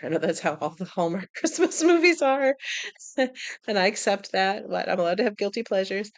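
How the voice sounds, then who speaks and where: A woman's voice: medium pitch, normal speed, dry recording. Lady vlogger rambling about story endings, lots of laughs, acts out bits. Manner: animated, chatty, laughs often, acts out quotes. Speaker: writing vlogger. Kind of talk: casual chat.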